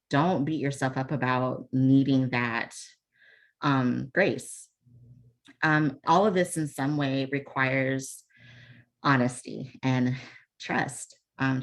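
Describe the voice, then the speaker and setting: Very low-voiced woman leading a webinar. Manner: conversational, many ums and restarts, self-deprecating asides. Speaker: webinar presenter. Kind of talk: casual online workshop talk. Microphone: video call.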